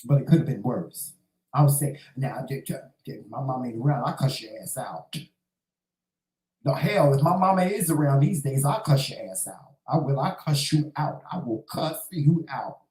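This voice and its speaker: A man's voice: medium pitch, animated, normal speed, darkish tone, reverberant, rough recording. A man hosting a casual livestream talk show, delivering a sassy, profane, preachy monologue and calling listeners "child" and "honey". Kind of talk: casual monologue to a live chat.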